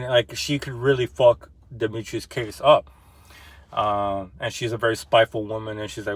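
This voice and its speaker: A man's voice: fairly low pitch, flat delivery, normal speed, dry recording. Slangy young man, dry close sound. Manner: loose and slangy, filler-heavy, swears. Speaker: book discussion vlogger. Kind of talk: casual book chat retelling a novel.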